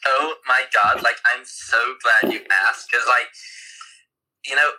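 A man's voice: lowish voice, little pitch movement, brisk, pushed and bright, pitched below the performer's own voice, poor audio. A man putting on a babbling SoCal beach dude. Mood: gushing. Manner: rambling, stuffed with "like", over-the-top valley talk. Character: airheaded young male Southern California beach dude.

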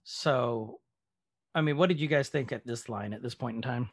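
A man's voice: medium pitch, moderate pace. A man hosting a casual recap chat, rambling along with plenty of ums. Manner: chatty, rambling with many ums. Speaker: podcast host.

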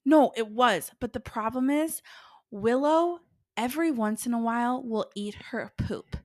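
Animated young woman telling a story. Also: a little high, unhurried, no echo, studio quality. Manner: animated storytelling, acts out her own reactions. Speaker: podcast co-host. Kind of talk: casual chat.

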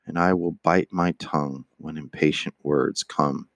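A man's voice: extremely low pitch, fairly even intonation, measured pace, dry recording. A man giving a dramatic reading of a father's remorseful letter, earnest in tone and sometimes stumbling and restarting a word. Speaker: reader.

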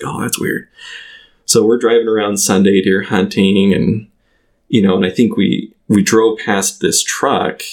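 A man in his thirties tells a personal story as a guest in a relaxed conversation. His voice sits low, with a gravelly, creaky edge. He speaks haltingly, stopping and restarting often and filling the gaps with "like.". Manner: halting, full of "like" fillers and restarts. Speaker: podcast guest. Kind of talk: casual storytelling in a chat.

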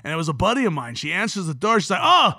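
A man co-hosting a podcast tells crude, animated stories with a quick laugh. His voice sits high and bright. The sound is dry and close. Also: dry recording. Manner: animated, profane storytelling with frequent laughs. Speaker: comedian and podcast co-host. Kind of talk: casual podcast chat.

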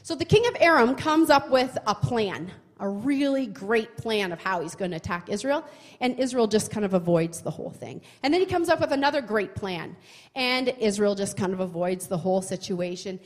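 A woman retelling a Bible story in a chatty, expressive way, often asking the listener questions. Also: mid-range voice, normal speed. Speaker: Bible teacher. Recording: long hall reverb.

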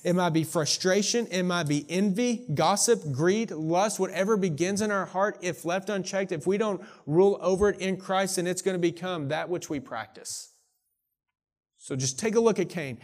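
A man who is a pastor preaching a sermon, earnest and swinging between hushed, intimate moments and emphatic declarations, a parent of young children. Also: high voice. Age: young adult or middle-aged, parent of young children.

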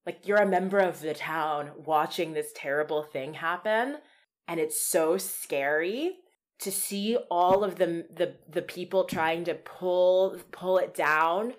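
A young woman co-hosting a casual film podcast, talking in an animated, emotional way and swearing freely. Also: lowish voice, measured pace. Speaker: podcast co-host.

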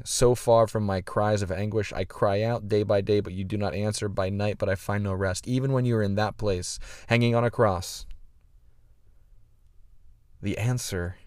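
A man's voice: lowish voice, a little mellow, smooth, no room sound, studio quality. A man preaching a sermon, explaining scripture earnestly, with frequent fillers and restarts. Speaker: pastor.

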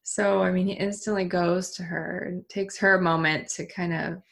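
Author co-host, woman, relaxed book chat, some vocal fry. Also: lowish voice, normal speed. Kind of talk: casual book discussion.

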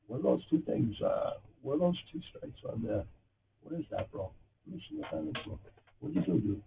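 A man's voice: medium pitch, huge pitch swings, a little fast, vocal fry, distant mic. A man in his fifties with a Boston accent, hosting his podcast in a blunt, profane, rambling way. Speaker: podcast host. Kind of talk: casual livestream chat. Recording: tinny phone-like audio with faint noise.

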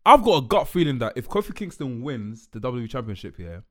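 A man's voice: medium pitch, big pitch swings, quick pace. A young man on a casual podcast, making eager predictions and pressing his co-host to agree. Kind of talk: casual chat.

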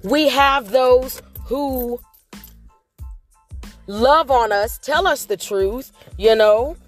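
A woman's voice: fairly high pitch, extremely slow, soft background music. A woman hosting a motivational vlog, giving an earnest, faith-based pep talk that repeats its points to encourage listeners.

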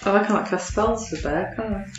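A woman's voice: medium pitch, a little fast, recorded from a distance. A woman playing a tabletop game, making wry jokes and laughing often. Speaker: player. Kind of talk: casual tabletop game chat. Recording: echoey room, dull sound, music.

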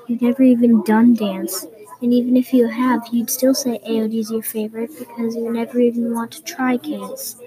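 A female reader plays an outspoken, argumentative schoolgirl in a storybook reading. The voice sits a little high, and a crowd murmurs steadily behind her. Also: little pitch movement, normal speed, close to an everyday voice, rough recording. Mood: arguing. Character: outspoken schoolgirl standing up to bullies.

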